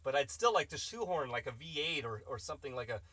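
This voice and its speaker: A man's voice: mid-range voice, animated, quick pace, sharp tone, no echo. A man hosting a live stream, reading chat questions and rambling through opinionated casual answers.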